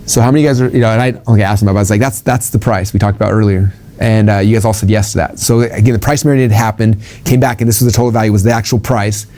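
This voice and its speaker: A middle-aged man teaching sales presentations tells a story to an audience, talking rapidly with lots of fillers and acting out the dialogue he quotes. His lowish voice is dark and steady in tone.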